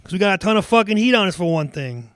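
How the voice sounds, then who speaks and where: A man's voice: high voice, expressive, fast talker, a bit bright, clear, resonant tone, dry recording, clean studio sound. A man reading the lines of a blunt, fed-up robber who wants out, in a fan reading of film dialogue. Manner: blunt, cursing.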